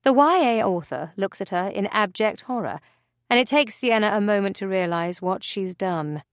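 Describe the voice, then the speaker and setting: A woman narrating an audiobook in an expressive, measured way. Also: mid-range voice, no echo, clean studio sound.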